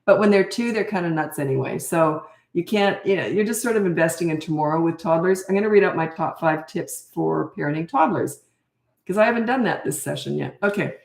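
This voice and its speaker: A woman's voice: on the low side, expressive, a little fast, vocal fry, a little mellow, roomy sound. An older woman and parenting coach from Canada, chatting casually and bluntly in a live Q&A, laughing often and losing her thread.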